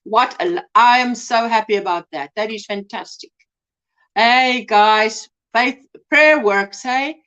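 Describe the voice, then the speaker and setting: A South African woman with a fairly high, slow voice and a fairly bright tone hosts a crochet livestream in lo-fi sound. She chats casually while reading comments, greeting viewers by name and calling them sweetheart.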